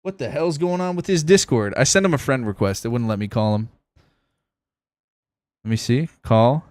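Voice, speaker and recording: A man's voice: mid-range voice, moderate pace, darkish tone, no room sound. A young man live streaming a game, chatting loosely with his viewers, rambling and swearing a lot. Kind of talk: casual live stream chat.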